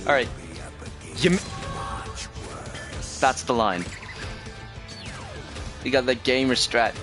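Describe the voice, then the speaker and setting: A man's voice: mid-range voice, slow pace, music in the background. A man streaming a game, rambling through casual commentary with frequent swearing and self-corrections.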